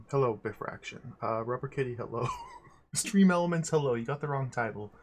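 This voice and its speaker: A man hosting a video game livestream, greeting viewers by name in an excitable, giggly way. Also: medium pitch, fairly quick, slight background noise. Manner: excitable, laughs often, greets chat by name. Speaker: livestream host. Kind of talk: casual livestream chat.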